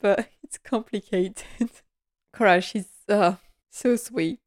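A woman's voice: a little high, measured pace. A young woman casually recapping a TV episode, chatty and gushing, acting out bits of dialogue as she goes. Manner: chatty and gushing, acts out quotes, laughs often. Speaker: TV series recap vlogger.

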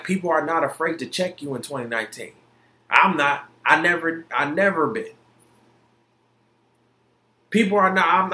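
A young man hosts his own podcast in a heated, profane rant. His voice sits high and sounds bright and forceful. The recording carries a roomy echo. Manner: heated, profane, emphatic, repeats himself. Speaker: podcast host. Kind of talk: solo opinion podcast rant.

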